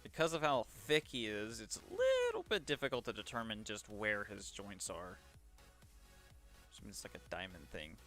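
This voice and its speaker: Chatty man streaming, bright voice. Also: lowish voice, huge pitch swings, moderate pace, soft background music. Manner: chatty, self-deprecating, talks to himself while working. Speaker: streamer doing 3D modeling commissions. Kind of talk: casual livestream commentary.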